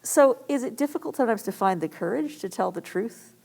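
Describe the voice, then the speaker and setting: A woman's voice: a little high, expressive, a little fast, gravelly, a little mellow. Conversational woman moderating a panel. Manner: engaged, conversational questioner. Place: stage at a lecture event.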